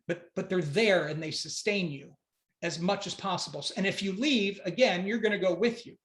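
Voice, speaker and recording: A man delivers a motivational keynote, telling stories with energy and emphasis. His voice sits a little high for a man. The sound is roomy, with a noticeable echo. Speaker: keynote speaker.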